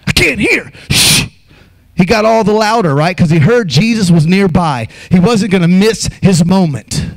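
A man preaching an Easter sermon as pastor, emphatic, with acted asides and sudden shouts. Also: fairly high pitch.

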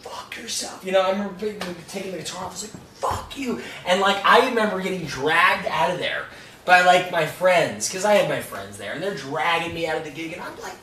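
A young man, a guest songwriter, speaks fast in a high, bright, forceful voice with lively intonation. In casual conversation he rambles through a gig story full of swearing and laughter. The recording sounds roomy and distant, with faint noise.

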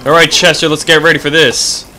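A man giving profane, excitable commentary while playing a video game, swinging between shouted outbursts and low muttering. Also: brisk, faint music behind, poor audio. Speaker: let's play gamer. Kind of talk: gaming commentary.

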